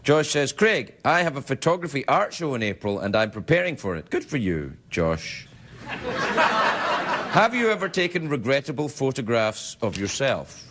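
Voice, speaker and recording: A man hosting a late-night talk show, rambling through viewer emails with a jokey, playful manner. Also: sing-song. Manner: playful, rambling, jokey, quick pitch jumps. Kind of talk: comic monologue reading viewer emails. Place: TV studio with live audience. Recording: broadcast with loud audience laughter and noise.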